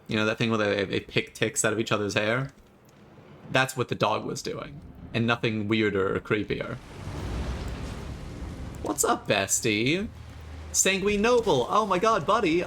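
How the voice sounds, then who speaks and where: A man's voice: medium pitch, a little hiss or hum. Man chatting animatedly while streaming a game. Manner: animated, sarcastic, rambling. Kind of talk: casual gameplay commentary.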